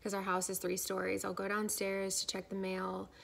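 A young woman talks casually to camera, rambling along with constant "like"s and fillers. Her voice has a gravelly fry and stays fairly flat in pitch, and she sounds slightly out of breath. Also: normal speed. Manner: chatty, filler-heavy, says "like" a lot. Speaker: vlogger. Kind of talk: casual pregnancy update vlog.

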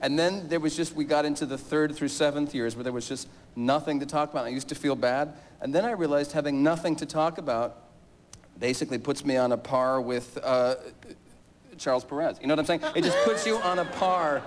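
A man's voice: a little high, fairly quick. A man chatting as a talk show guest, rambling and joking with frequent laughs. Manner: rambling, jokey, laughs often. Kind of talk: casual talk show banter.

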